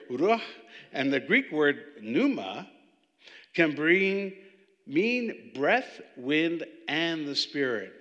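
A man teaching from the Bible in a conversational, animated way, often restarting his sentences. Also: mid-range voice, long reverb tail. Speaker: preacher.

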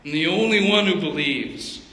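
A man's voice: a little high, normal speed, bright, forceful tone. A man voicing a weary, despairing prophet who pleads with God, heard in an echoey hall. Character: despairing male prophet, weary and self-pitying. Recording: echoey hall with long reverb.

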